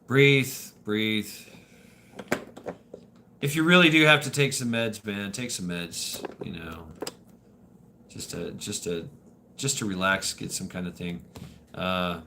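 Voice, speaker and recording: With a fairly low voice, a livestream host tells rambling stories to chat slowly and with frequent pauses, laughing and cursing as he goes. Background noise is audible.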